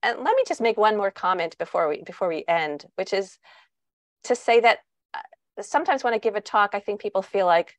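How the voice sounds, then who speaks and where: A woman's voice: mid-range voice, lively intonation, normal speed, dry recording. A woman author speaking in an online talk, giving parenting advice with frequent restarts.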